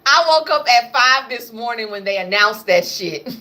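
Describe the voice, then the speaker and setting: A woman's voice: fairly high pitch, animated, normal speed, pushed and bright, a little hiss or hum. A woman hosting a casual livestream, talking bluntly and profanely and scolding her pets between topics. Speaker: livestream host.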